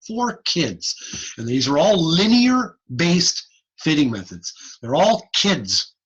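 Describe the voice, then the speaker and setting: A man giving an informal online lecture, lively and blunt, over a computer mic on a video call. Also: fairly high pitch, slow, husky, muffled recording. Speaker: audiology lecturer.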